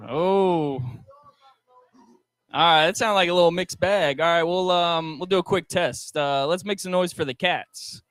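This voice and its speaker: A young man doing a stand-up set with crowd work on a restaurant stage, talking haltingly with many ums and likes into a handheld mic. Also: high voice, fairly bright tone, smooth, dry recording. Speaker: stand-up comedian.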